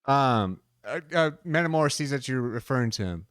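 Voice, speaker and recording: A game master narrating a tabletop game on a live stream, halting and restarting often. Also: medium pitch, animated, fairly bright tone, dry recording, studio quality. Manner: halting, with many restarts and laughs.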